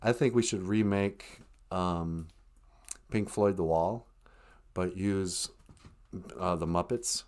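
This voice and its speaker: A man co-hosting a comedy podcast, pitching ideas hesitantly with many fillers. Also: slow, long pauses, a little mellow. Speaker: podcast co-host. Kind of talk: comedic banter.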